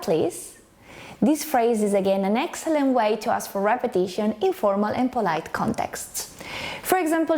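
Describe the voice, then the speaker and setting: A woman teaching English phrases, speaking clearly and acting out example lines to demonstrate intonation. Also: fairly high pitch, a little mellow. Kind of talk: scripted lesson narration.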